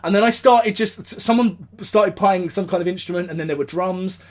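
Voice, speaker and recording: A man with an English accent hosting a casual live podcast, rambling through stories with lots of swearing and sudden shouted speeches. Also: high voice, a little fast. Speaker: podcast host. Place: indoors, recording live.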